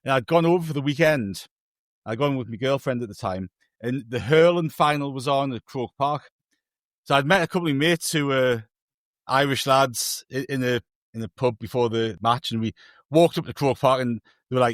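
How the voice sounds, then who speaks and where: Male podcast co-host, mid pitch, lively storyteller, dry close mic. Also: a little fast, no echo. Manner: lively, moves the show along. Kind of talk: casual storytelling chat.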